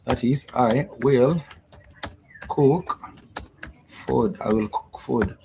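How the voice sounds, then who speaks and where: A man teaching a live-streamed Swahili grammar lesson, explaining slowly and repeating himself with many fillers and restarts. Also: mid-range voice, gravelly, background noise.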